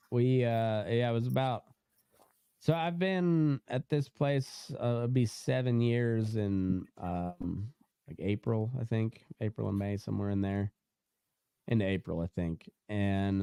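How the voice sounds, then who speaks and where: A man's voice: fairly low pitch, warm tone, clean tone, no echo, studio quality. Rambling, laughing podcast host man. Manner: rambling, laughs a lot, many fillers and restarts. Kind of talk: casual podcast chat.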